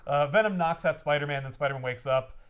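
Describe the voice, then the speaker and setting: A man hosting a casual comic podcast chat, animated and swearing as he acts out scenes. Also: on the high side, quick pace, clear, resonant tone.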